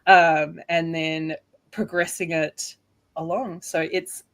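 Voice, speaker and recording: A woman's voice: low voice, level tone, takes it slowly, a bit bright. A woman in her thirties from Australia with an Australian accent, chatting as a guest author and laughing often. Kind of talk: casual interview chat.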